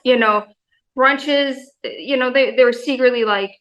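Enthusiastic rambling woman, fairly high voice. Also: measured pace, fairly bright tone, lo-fi sound. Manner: enthusiastic, rambling with many fillers. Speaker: guest, gym member. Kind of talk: casual interview chat.

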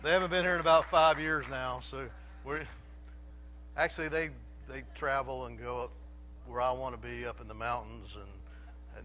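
A man's voice: mid-range voice, steady tone, moderate pace, long pauses, pushed and bright, a little hiss or hum. A man preaching a sermon to his congregation, chatty, often asking the room questions and restarting his sentences. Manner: conversational, asks the congregation questions, self-interrupting. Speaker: pastor. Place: church before a congregation.

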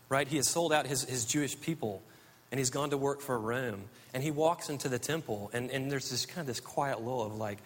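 A man's voice: medium pitch, fairly bright tone, a little hiss or hum. A man from the United States preaching a sermon, telling stories earnestly. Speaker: pastor. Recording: long hall reverb.

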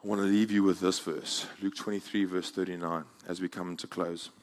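A man preaching a sermon in a church, moving from quiet, intimate passages to loud, soaring climaxes. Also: deep voice, flat delivery, fairly quick. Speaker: pastor.

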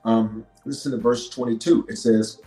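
A man preaching a sermon as a bishop, swinging from loud declarations to hushed lines and repeating phrases for emphasis. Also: mid-range voice, steady tone, moderate pace, reverberant, soft background music, poor audio.

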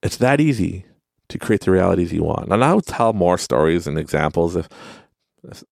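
A man's voice: deep voice, lively intonation, normal speed, creaky, a little mellow, dry recording, clean studio sound. A man hosting a podcast, talking casually about self-help and laughing at his own rambling stories. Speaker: podcast host.

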